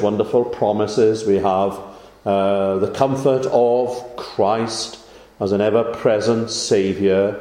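A man preaching a sermon, measured and unhurried, pausing often with "uh" and lifting his voice for emphasis. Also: lowish voice, warm tone, echoey room. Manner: measured delivery with frequent "uh" pauses, rising for emphasis.

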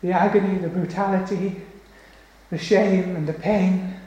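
A male preacher delivering a solemn, emphatic sermon, slowing down on key phrases. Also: high-pitched, fairly even intonation, dark tone, muffled recording. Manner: solemn, emphatic, slows for weight. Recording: very echoey church hall.

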